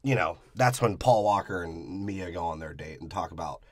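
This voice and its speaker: A man with a fairly low voice riffs through a movie recap in loose, profane conversation. He rambles, stacks fillers and swears freely, and the sound is close and dry with no room around it. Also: expressive, moderate pace, no echo. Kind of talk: casual movie recap chat.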